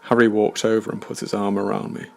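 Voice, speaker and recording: A man narrating a scripted horror story in a measured, somber way. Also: fairly low pitch, flat delivery, gravelly, darkish tone, a little hiss or hum.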